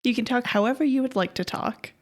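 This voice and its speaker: A woman co-hosting a podcast in casual chat, talkative and quick to laugh. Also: on the high side. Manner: chatty, laughs often, loose fillers. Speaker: podcast co-host.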